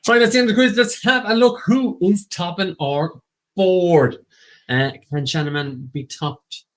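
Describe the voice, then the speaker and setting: A man hosting a quiz on a casual live stream, briskly reading out standings and joking with his co-host. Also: high voice.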